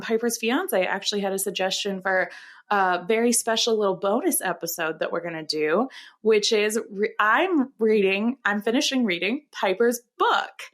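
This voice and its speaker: A woman co-hosting a podcast in casual chat, musing aloud at an unhurried pace and trailing off with fillers and restarts. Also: fairly high pitch, a bit bright. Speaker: podcast co-host.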